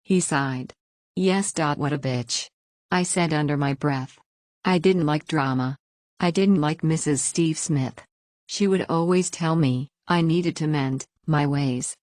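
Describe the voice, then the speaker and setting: Low-voiced woman reading a story. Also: slow, darkish tone, dry recording. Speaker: story reader. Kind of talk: scripted first-person story narration.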